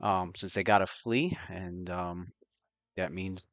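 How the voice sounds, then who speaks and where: A man running a tabletop game as game master, explaining rules with many pauses and fillers. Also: sits low, steady tone, fairly bright tone, dry recording, muffled recording.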